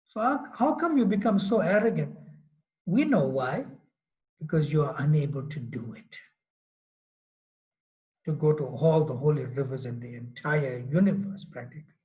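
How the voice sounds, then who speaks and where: Animated storytelling man, slightly high voice. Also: poor audio. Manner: animated, acts out quotes with many "you know" asides. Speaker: monk lecturer. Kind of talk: scripture class storytelling.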